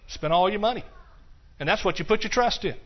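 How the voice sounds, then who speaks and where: An older man giving a personal testimony sermon, earnest and repetitive, dropping to hushed stretches and rising into passionate bursts. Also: sits high, brisk. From Texas. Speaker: preacher. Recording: dull lo-fi recording.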